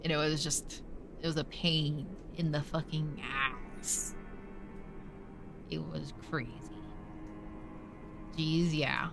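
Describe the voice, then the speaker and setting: A woman's voice: sits low, flat delivery, takes it slowly, creaky, pauses often, over music. A woman streamer in casual live-stream chat with viewers, chatty and thinking aloud, swearing casually.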